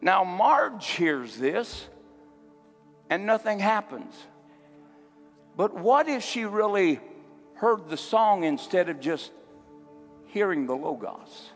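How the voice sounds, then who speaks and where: A man preaching a sermon as a pastor, building to shouted peaks. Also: high voice, very animated, slow pace, pauses often, long reverb tail, soft background music. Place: church.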